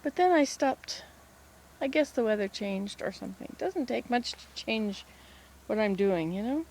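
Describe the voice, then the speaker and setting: A woman's voice: a little high, expressive, moderate pace, darkish tone, slight background noise. A woman vlogging casually from home and garden, chatting in a meandering way to the camera and to herself. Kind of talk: casual rambling vlog.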